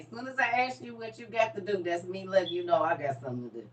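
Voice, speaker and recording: A woman talking casually and playfully to her viewers, laughing often and letting lines trail off quietly. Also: medium pitch, animated, brisk, distant mic, slight background noise. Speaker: vlogger.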